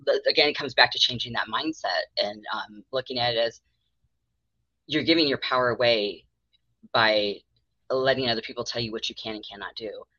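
Bright, animated middle-aged woman therapist. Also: a bass voice, normal speed, dry recording. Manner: animated storyteller acting out quoted dialogue. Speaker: mental health therapist, guest. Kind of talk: casual interview conversation. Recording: dull lo-fi dry sound.

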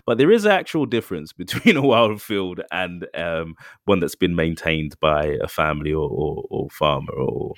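Low-voiced man chatting loosely. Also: lively intonation, normal speed, few pauses, no echo, clean studio sound. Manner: rambling, many restarts and fillers, acts out quotes. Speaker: podcast co-host. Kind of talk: casual chat.

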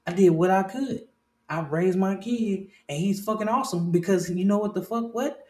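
A man in his thirties hosting a casual talk show. He swears freely, restarts and repeats phrases, and swings between low murmurs and loud excited bursts. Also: normal speed, roomy sound. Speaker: podcast host.

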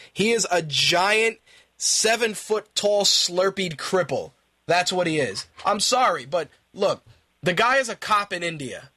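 A man's voice: high-pitched, a bit bright. A man hosting a talk radio show, ranting in profane, exasperated bursts and repeating himself when worked up. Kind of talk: ranting wrestling commentary.

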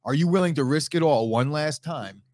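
A man's voice: fairly high pitch, normal speed, darkish tone, no room sound. A man with a stuffy, allergy-congested nose, co-hosting a casual sports chat, brash and teasing with lots of swearing. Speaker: podcast co-host.

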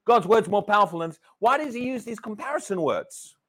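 A British man preaches to his congregation in a church hall. His voice sits high and rises and falls a lot as he stresses each point. He repeats key words and keeps asking the room questions. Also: expressive, a little fast, fairly bright tone. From Britain. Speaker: pastor. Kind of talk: sermon.

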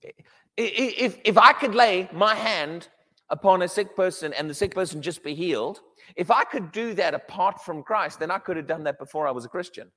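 A man preaching a sermon, emphatic and animated, often restarting his words as he builds a point. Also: high-pitched, normal speed, big-room sound.

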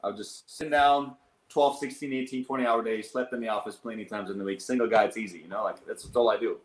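A man in his thirties, a guest on an interview show, telling stories in an animated, rambling way with many fillers. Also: lowish voice, fast. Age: 30s. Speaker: guest, business owner and coach. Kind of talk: casual storytelling interview. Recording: roomy echo.

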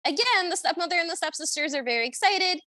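A woman with a high, bright voice retells a film for a podcast, her pitch leaping around as she acts out little quotes. The sound is dry and close, with no room around it. She talks in an easy, chatty way. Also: quick pace, no room sound. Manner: animated storytelling with acted-out quotes. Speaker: podcast co-host. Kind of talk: casual recap chat.

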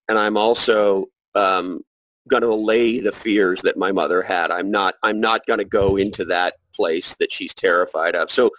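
A man's voice: on the low side, no room sound, low-quality recording. A middle-aged man talking as a podcast guest in a reflective, casual way, often restarting his sentences. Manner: reflective, many restarts and fillers. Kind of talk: casual interview conversation.

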